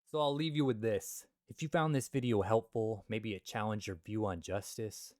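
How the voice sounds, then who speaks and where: A young man hosting a comedic Bible commentary, joking with loud asides and quiet mutters. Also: lowish voice, moderate pace, no room sound, studio quality. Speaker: Christian video host.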